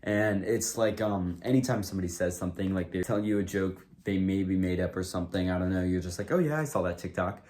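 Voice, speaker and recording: A man's voice: low-pitched, flat delivery, brisk, few pauses, dark tone, a little hiss or hum. A man giving casual advice to a camera in a rambling, filler-heavy way, full of "like" and restarts. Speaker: comedy video creator.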